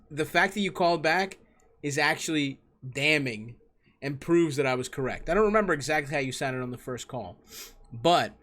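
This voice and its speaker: A man's voice: fairly high pitch, fairly bright tone. A young man hosting a comedy advice show, giving crude, profane and mocking answers to callers.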